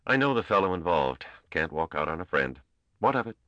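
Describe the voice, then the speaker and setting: A man voicing a gruff, blunt, seasoned male space trader. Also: sits low, big pitch swings, a little fast, bright, forceful tone, dry recording, highs cut off, voice pushed up, exaggerated voice.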